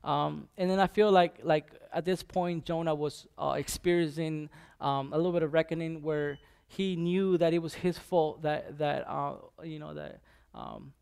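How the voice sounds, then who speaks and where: A man's voice: fairly high pitch, expressive, moderate pace, vocal fry, a little mellow, smooth. A man giving an informal sermon, talking conversationally with many restarts and fillers. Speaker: preacher.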